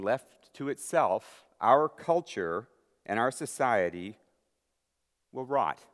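A man preaching a sermon as pastor, emphatic, building to loud stressed lines with dramatic pauses. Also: mid-range voice. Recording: long hall reverb.

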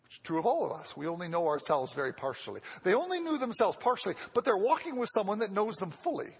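A man's voice: sits high, sing-song, quick pace, breathy edge. A man preaching a sermon in an earnest way, repeating phrases for emphasis and often restarting, heard with the long reverb of a large hall.

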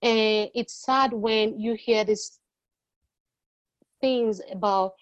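A woman who immigrated to Canada, sharing her experiences as a podcast guest in a lively storytelling way. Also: fairly high pitch, extremely slow, long pauses, dry recording. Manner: animated, acting out quoted exchanges. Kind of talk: personal storytelling.

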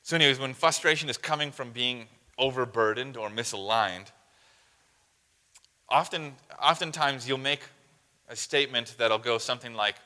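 A man's voice: medium pitch, normal speed, pushed and bright, big-room sound. A man preaching a sermon as pastor, putting earnest, direct questions to his listeners.

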